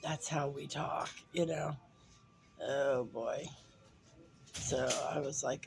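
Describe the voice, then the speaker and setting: Chatty woman in her fifties, low-pitched. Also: steady tone, takes it slowly, creaky, pauses often, background noise. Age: 50s. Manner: chatty, humorous, with many fillers and acted-out quotes. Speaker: vlogger. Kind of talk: casual personal storytelling.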